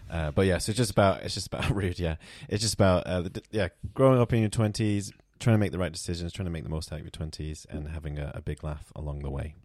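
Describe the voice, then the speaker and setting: A man's voice: low-pitched, steady tone, fast, few pauses, a little mellow, no echo, studio quality. A man in his twenties, a podcast guest, chatting casually with jokes and self-deprecating asides. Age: 20s.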